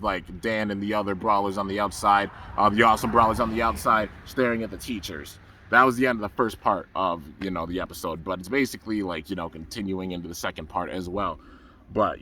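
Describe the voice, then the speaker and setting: Bright-voiced excited male reviewer. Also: lowish voice. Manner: rambling, enthusiastic, says "man" a lot. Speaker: anime reviewer. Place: outdoors under trees.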